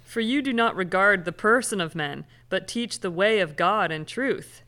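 A woman's voice: mid-range voice, expressive, moderate pace, bright, forceful tone. Woman reading scripture aloud. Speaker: scripture reader.

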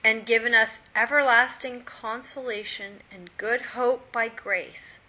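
A woman reading scripture aloud in a steady, measured way during a Bible study. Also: a little high. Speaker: scripture reader. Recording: dull lo-fi recording.

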